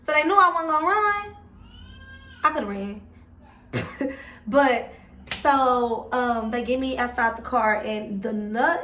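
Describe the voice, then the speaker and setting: A young woman tells a story to her viewers in a loose, animated way, swearing freely as she goes. Her voice sits a little high. She is recorded in an echoey room with the mic set back from her. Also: far from the mic. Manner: animated and profane, talking straight to viewers. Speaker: vlogger. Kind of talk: casual storytime.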